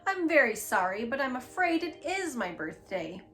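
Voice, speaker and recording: A woman's voice: high voice, very animated, normal speed, fairly bright tone, voice pushed up. A woman reading a storybook aloud, voicing a round, jolly man who is cheerful and apologetic. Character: round, jolly middle-aged man, laughter-prone.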